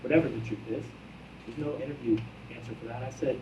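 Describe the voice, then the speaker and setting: A man on a conference stage tells a story with a brash, self-mocking edge, voicing each person in it. His voice is mid-pitched and rings through a roomy hall, picked up from some distance away. Room ambience sits clearly behind him. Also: quick pace, highs cut off, noisy background. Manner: animated anecdote, acts out both sides of dialogue. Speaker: brand executive speaker. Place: conference hall with live audience.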